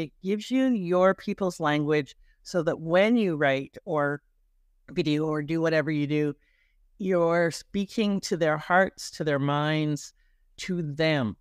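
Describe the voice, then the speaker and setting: A woman's voice: lowish voice, clean tone, no room sound. Canadian woman, emphatic coaching talk, dry sound. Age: middle-aged. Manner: animated and emphatic, with repetitions and restarts. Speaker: guest, marketing coach. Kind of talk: conversational podcast interview.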